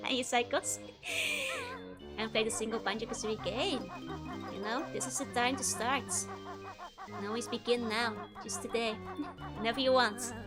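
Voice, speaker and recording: Over game music, a young woman streams casual gameplay commentary, giggling and replying to her chat in a Dutch accent as a native Dutch speaker. She speaks a little high and a little slow, pausing often.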